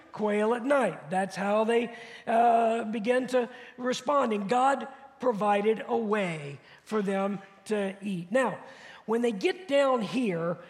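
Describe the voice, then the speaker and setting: Very high-voiced preacher in a reverberant church. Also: male voice. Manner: conversational preaching with rhetorical questions and repetition. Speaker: pastor. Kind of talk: sermon. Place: church sanctuary. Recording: long hall reverb.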